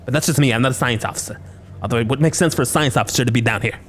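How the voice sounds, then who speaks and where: A man's voice: mid-range voice, very fast. A man hosting a podcast, recapping a movie in a rambling, jokey way, often interrupting himself. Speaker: podcast host.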